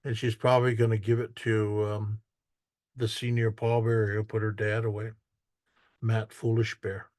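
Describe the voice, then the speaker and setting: This photographer has a fairly low, darkish voice with little pitch movement and a moderate pace, captured in clean studio sound with no room noise. His casual artist talk wanders from photo to photo, full of restarts and quotes he acts out while telling the stories.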